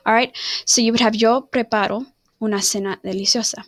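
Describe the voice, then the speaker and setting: In a recorded online lesson, a Spanish teacher rambles and keeps pausing to apologize and correct herself. She talks briskly in a slightly high voice with fairly even intonation, and there's no echo.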